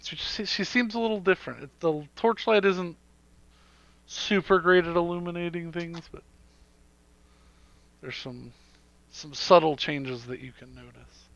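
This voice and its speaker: A man narrating a tabletop game as game master, halting and filling pauses with fillers and laughs. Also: on the high side, gravelly, a bit bright, muffled recording.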